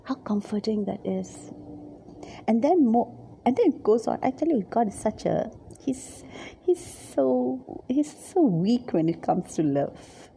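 A woman giving a devotional Bible reflection, speaking gently and haltingly, repeating her words and dropping now and then to a soft whisper. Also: on the high side, very animated, creaky, slight background noise. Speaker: Bible teacher.

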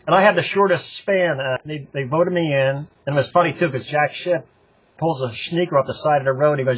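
A slightly high, fairly bright and slightly rough voice belongs to an older man being interviewed casually about his years in a running club. Speaking at normal speed, he rambles through profane anecdotes, laughing a lot.

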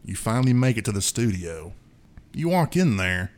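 Lively, laughing male podcast co-host. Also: on the low side, brisk. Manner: animated storyteller who laughs often. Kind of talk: casual chat, telling a long made-up scenario.

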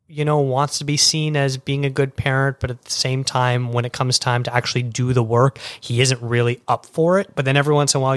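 A man's voice: mid-range voice, no echo. A man casually reviewing a film in conversation, talkative and full of fillers and restarts.

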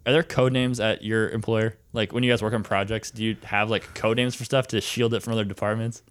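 A man hosting a podcast, joking around and quickly putting questions to a guest. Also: lowish voice, little pitch movement, a bit bright, clean tone. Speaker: podcast host. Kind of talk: casual podcast chat.

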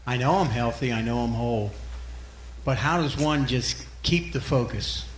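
A man's voice: medium pitch, slight background noise. A man in the congregation asking an earnest question about living with chronic pain. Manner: slow, earnest. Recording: echoey room, faint ambience.

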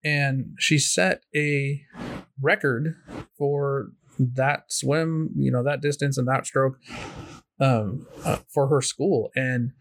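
A man telling a motivational story in a halting way, with many fillers and restarts. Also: medium pitch, fairly even intonation, creaky, dry recording.

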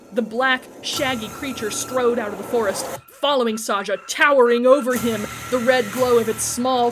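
Storyteller woman, somewhat high voice, dramatic and expressive narration. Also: noisy background.

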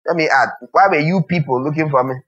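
A man's voice: a little high, fast talker, fairly bright tone, dull audio, lightly acted. A male preacher voicing the boy Jesus answering his parents plainly. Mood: matter-of-fact.

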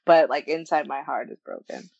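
Young Brooklyn woman, New York accent, gravelly low voice, chatty podcast co-host, dry dull sound. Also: normal speed, darkish tone, dry recording. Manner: chatty, laughs often, says "like" a lot. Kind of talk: casual chat.

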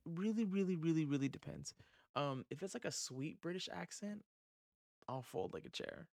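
A man's voice: a little high, animated, normal speed, vocal fry, a little mellow, no echo. A man hosting a casual podcast chat, rambling and swearing, with lots of fillers and trailing off, on a close mic. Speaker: podcast host.

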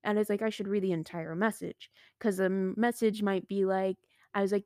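A teenage girl hosting her own podcast, talking casually and excitedly with lots of "like" and "I was like", recorded close and dry. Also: mid-range voice, fairly quick, few pauses, no echo. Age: teens. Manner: chatty and excitable, heavy use of "like" and "I was like". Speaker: podcast host. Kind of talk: casual solo podcast monologue.

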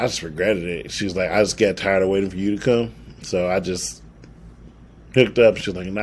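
A young man co-hosts a podcast, telling stories in a laid-back, casual chat with frequent laughs and restarts. His voice is low, with slight background noise.

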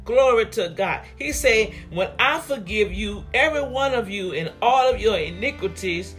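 A preacher delivering a fervent sermon, urging the congregation to respond and repeating phrases in bursts that swing between loud and soft. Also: medium pitch, animated, moderate pace, few pauses, faint music behind. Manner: fervent, repetitive call-and-response, big swings in loudness.

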